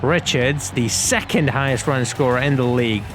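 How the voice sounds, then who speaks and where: A man's voice: mid-range voice, moderate pace, over music. A man hosting a gaming video, giving casual play-by-play commentary in a chatty, rambling way with slangy asides.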